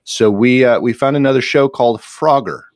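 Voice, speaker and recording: A man's voice: mid-range voice, moderate pace, dry recording, clean studio sound. A man co-hosting a podcast, easygoing and agreeable in casual chat. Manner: easygoing, agreeable, recommends shows. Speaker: podcast co-host.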